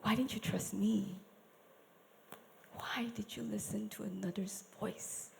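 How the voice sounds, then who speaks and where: A grieving, loving father calls softly in a whispered role-play, as a woman storyteller puts him on. He asks one pleading question after another in a hushed, aching voice, slow and unhurried. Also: mid-range voice, steady tone, vocal fry, a little hiss or hum, poor audio.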